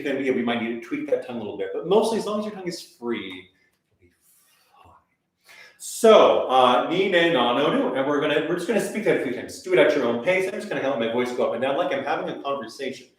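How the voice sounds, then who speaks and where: A man leads an online voice lesson, talking students through exercises in a relaxed, chatty way. He sounds a fair way off the microphone. A heavy room echo surrounds every word. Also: medium pitch, far from the mic. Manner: relaxed, chatty coaching with vocal demonstrations. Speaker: voice teacher. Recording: very echoey room, voice heard from afar.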